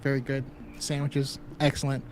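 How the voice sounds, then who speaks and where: A man co-hosting a live call-in show, talking in a halting way with many fillers and bursts of laughter. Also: medium pitch, monotone, music in the background. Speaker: co-host.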